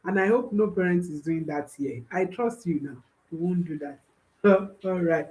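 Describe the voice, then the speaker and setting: A woman's voice: fairly low pitch, sing-song, a little slow, a bit bright, poor audio. A woman speaking as a parenting coach, giving an instructional talk and repeating key phrases for emphasis while reassuring listeners directly.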